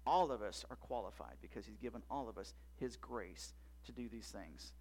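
A man preaching a sermon as pastor, animated with loud rising emphasis, soft asides and frequent tag questions to the congregation. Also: lowish voice, normal speed.

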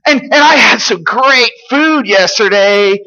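A man's voice: very high voice, measured pace, sharp tone, a little hiss or hum, heavily acted. A man doing Benji, a breathless little boy. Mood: amazed. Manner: breathless, amazed. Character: excited young village boy friend. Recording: dull lo-fi recording.

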